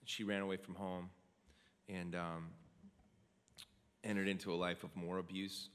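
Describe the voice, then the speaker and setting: A man's voice: sits low, level tone, a little slow, a bit bright, smooth, big-room sound. A man telling the story behind one of his songs to an audience, earnest and conversational, often asking them questions. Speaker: singer-songwriter sharing a song's story. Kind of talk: casual storytelling to a studio audience.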